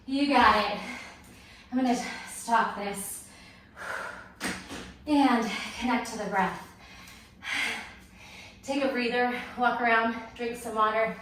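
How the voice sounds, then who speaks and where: A woman's voice: fairly high pitch, a bit bright. A woman fitness instructor, out of breath, calling out short, clipped exercise cues through a workout class. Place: home workout space. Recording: echoey room from far off, faint noise.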